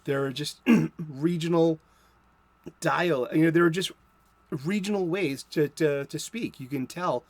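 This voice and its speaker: A man's voice: a little high, measured pace, no room sound. A man in his fifties with a Boston accent, hosting a casual solo talk about comics and rambling into joking asides. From South Boston, Massachusetts. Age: 50s. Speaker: comic book podcast host.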